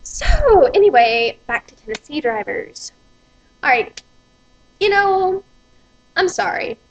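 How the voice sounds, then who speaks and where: A woman's voice: sits high, big pitch swings, takes it slowly, low-quality recording. A woman, ranting profanely and with exasperation in a vlog. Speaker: vlogger.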